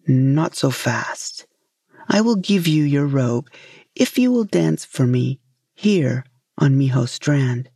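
A woman's voice: a bass voice, expressive, slow pace, dark tone, slightly rough, dry recording, studio quality, voice pushed down, full character voice. A woman voicing a blunt, teasing male fisherman in a storybook tale. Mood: relenting. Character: gruff stubborn middle-aged male fisherman.

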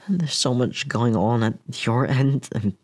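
A man's voice: medium pitch, measured pace, darkish tone, no echo. A man in an intimate whispered role-play, speaking hesitantly to the listener and often dropping to a whisper.

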